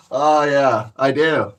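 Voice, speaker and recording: This cannabis vlogger is a man telling casual stories in a profane, boastful, laid-back way. His voice sits on the high side, with a fairly bright but husky tone.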